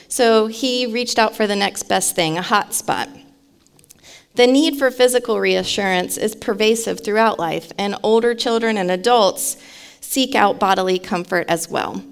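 A woman in her thirties giving a sermon, telling a family story in a relaxed storytelling way. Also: mid-range voice, smooth. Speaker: guest preacher.

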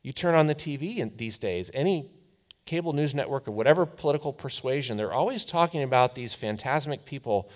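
A man preaching a sermon as a pastor, telling the story in a conversational, animated way. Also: medium pitch, fairly quick.

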